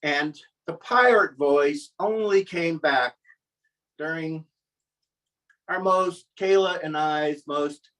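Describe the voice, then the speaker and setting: A man's voice: a little high, takes it slowly, pushed and bright, distant mic, poor audio. A man telling a comic personal story at a live storytelling event, wry and self-mocking.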